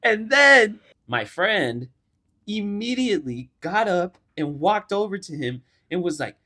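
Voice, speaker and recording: A man's voice: sits high, a little slow. A young man co-hosts a casual podcast and tells a story with lots of energy. He swears freely and acts out what other people said as he goes. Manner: animated, swears a lot, acts out quotes. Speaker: podcast co-host.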